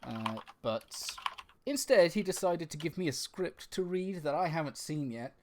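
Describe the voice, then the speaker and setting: A man's voice: on the high side, sing-song, moderate pace, background noise. Giggly, self-deprecating male podcast host. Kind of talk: casual live-streamed chat.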